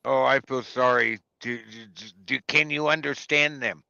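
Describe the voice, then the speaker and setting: A man with a gravelly, fry-edged voice that is bright and piercing, joking around and swearing freely in loose conversation. The sound is dry and slightly dull, like a lo-fi mic with no room around it. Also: mid-range voice, fairly even intonation, moderate pace, no echo. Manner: joking, swears freely, laughs at his own stories. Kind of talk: casual chat.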